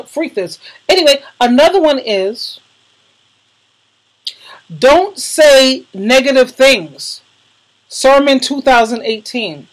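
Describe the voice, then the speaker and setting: A woman vlogger speaks casually and effusively to her audience, emotional and full of slangy emphasis. Her voice is husky and sits a bit high. She calls her listeners darling. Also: low-quality recording. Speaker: YouTuber recommending videos to viewers. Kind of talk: casual vlog talk.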